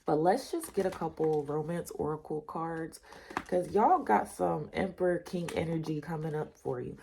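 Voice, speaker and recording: A woman's voice: low-pitched, normal speed, vocal fry, dark tone, a little hiss or hum. A woman giving a casual spoken tarot reading, talking straight to the listener, repeating her points with emphasis and reassurance. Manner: direct, repetitive, addresses the listener as you and y'all. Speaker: tarot reader.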